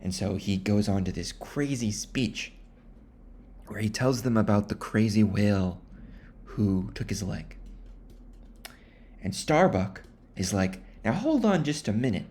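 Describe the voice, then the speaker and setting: Low-voiced man rambling through a story. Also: slow pace, long pauses, slight background noise. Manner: rambling, offhand, deadpan asides. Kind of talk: comic casual book retelling.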